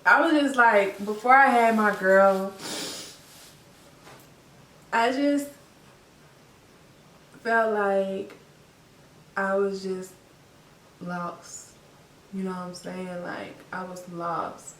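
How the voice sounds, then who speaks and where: A woman's voice: mid-range voice, steady tone, extremely slow, long pauses, fairly bright tone. A young woman telling a heartfelt personal story to camera, tearful and repeating herself with many fillers. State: teary, crying. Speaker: vlogger, new mother. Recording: echoey room, voice a bit far from the mic.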